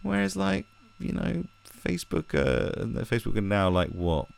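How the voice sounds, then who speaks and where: A man's voice: on the high side, very animated, moderate pace, creaky. A man delivering a sweary, sarcastic ranting commentary, with mocking put-on voices. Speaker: commentary vlogger.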